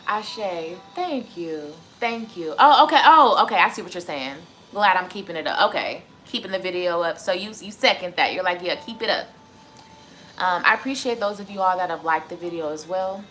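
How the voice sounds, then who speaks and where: A woman's voice: lowish voice, normal speed, few pauses, sharp tone, slight background noise. A woman in her twenties, a tarot reader chatting live to her viewers in a casual, profane, heated rant. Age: 20s. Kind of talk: casual livestream chat.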